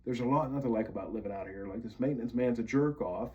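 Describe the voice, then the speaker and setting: A male vlogger from Pennsylvania vents to the camera in a bitter, profane monologue. He talks fast at a medium pitch, and the lo-fi audio sounds muffled.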